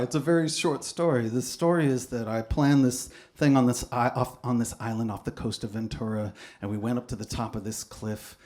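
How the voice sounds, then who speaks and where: A man telling a self-mocking comic story on stage, rambling along with bursts of laughter. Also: medium pitch. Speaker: comedian and poet. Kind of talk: live stand-up storytelling. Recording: live stage recording with guitar music. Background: guitar music.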